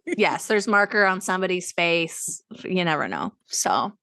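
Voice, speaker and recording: A woman's voice: on the low side, sing-song, unhurried, pushed and bright, no echo, clean studio sound. A woman in her thirties co-hosting a podcast, chatting casually and laughing often. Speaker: podcast co-host. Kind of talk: casual chat.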